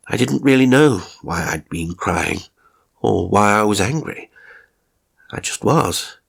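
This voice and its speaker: Gravelly man narrating horror. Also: fairly low pitch, expressive, measured pace, a bit bright. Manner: weary, irritable, confessional. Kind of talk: first-person horror story narration.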